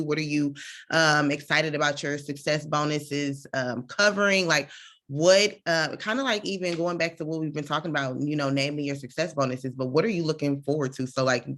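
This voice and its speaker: A woman's voice: sits low, fairly bright tone. A woman hosting a group video call, chatty and loose, with a casual style and many "um"s. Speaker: call host.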